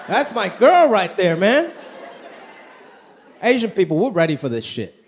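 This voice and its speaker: A man's voice: high-pitched, sing-song, measured pace. A man performing a stand-up comedy set on a live stage, talking with animation and putting on quoted voices. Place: live stage before a laughing audience. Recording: live show with crowd and faint noise.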